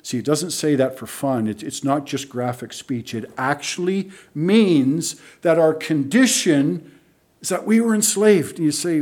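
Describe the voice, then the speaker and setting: Man preaching, middle-aged, emphatic, swings loud to soft, a bit higher voice. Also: measured pace. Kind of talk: sermon.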